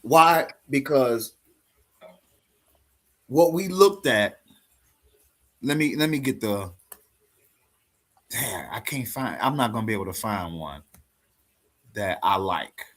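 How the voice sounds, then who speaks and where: A man's voice: medium pitch, expressive, takes it slowly, long pauses, a bit bright. A man teaching a live online congregation, teasing and scolding members in fun, then rambling on.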